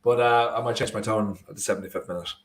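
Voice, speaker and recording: An Irish man co-hosting a live football watchalong, joking and reacting excitedly to the match. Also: on the low side, quick pace. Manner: excitable, jokey, bursts into shouting and laughter. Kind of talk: casual live match chat.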